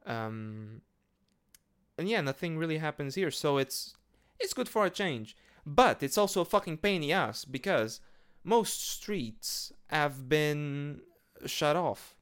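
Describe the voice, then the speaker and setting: A man's voice: on the high side, lively intonation, slow, fairly bright tone, clear, resonant tone. A man hosting a podcast, rambling casually with lots of hesitant fillers and swearing. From Portugal. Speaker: podcast host. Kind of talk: casual monologue.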